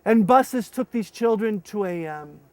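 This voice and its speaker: A man's voice: high-pitched, measured pace, no echo. A middle-aged man, a former paratrooper officer telling his story and acting out dialogue. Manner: animated, acts out dialogue in raised voices. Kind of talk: storytelling testimony.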